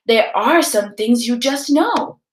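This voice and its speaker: A woman's voice: a little high, animated, takes it slowly, echoey room, slight background noise. A woman voicing a know-it-all female frog in a storybook reading, speaking in a sure, matter-of-fact way. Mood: assured.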